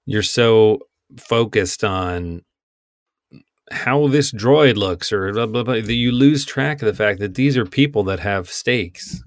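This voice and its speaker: A man's voice: fairly low pitch, slow, dry recording. Wry middle-aged man, dry close sound. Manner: animated, wry, acts out lines in voices. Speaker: podcast co-host. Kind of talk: casual film discussion.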